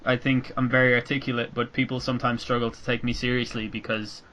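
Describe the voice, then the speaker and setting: A man's voice: medium pitch, little pitch movement, quick pace, bright, forceful tone. A young Irish man hosting a podcast, chatting casually with a sweary, sarcastic edge. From Ireland. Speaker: podcast host.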